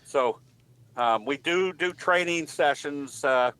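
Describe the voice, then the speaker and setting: A man presenting in a trading webinar, talking in a relaxed way and telling a joke, with some ums. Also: fairly high pitch, slow, clean tone, low-quality recording. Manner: relaxed storyteller with frequent ums. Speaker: trading educator, guest presenter.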